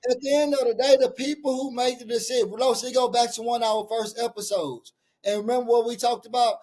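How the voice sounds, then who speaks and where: A man's voice: very high-pitched, steady tone, a little fast, darkish tone. A man co-hosting a podcast, arguing his point in casual, profane, insistent chat and talking over his partner. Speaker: podcast co-host.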